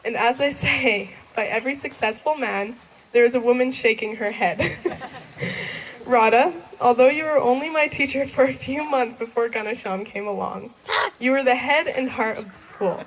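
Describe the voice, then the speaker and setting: Teen girl graduate, higher voice, reading heartfelt thank-yous with frequent nervous giggles. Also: moderate pace, slight background noise, poor audio. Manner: giggly, laughing often between sentences. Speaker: graduating student. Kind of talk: graduation thank-you speech.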